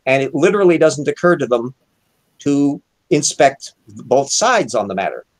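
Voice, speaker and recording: A man co-hosting a casual live chat, with dry, deadpan humor. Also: mid-range voice, normal speed. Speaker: co-host.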